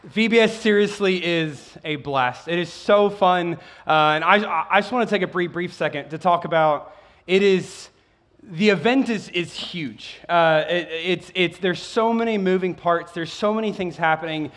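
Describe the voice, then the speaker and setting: A male pastor preaching in a church, eager and animated, who often trips over his words and starts sentences again. His voice sits high for a man. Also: moderate pace. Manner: excitable, with frequent stumbles and restarts. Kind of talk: sermon.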